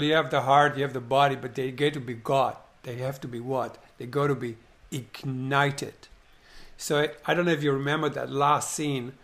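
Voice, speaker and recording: A man eagerly retelling a film scene in conversation, acting out the parts and asking rhetorical questions. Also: medium pitch. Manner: animated, acts out scenes, many rhetorical questions.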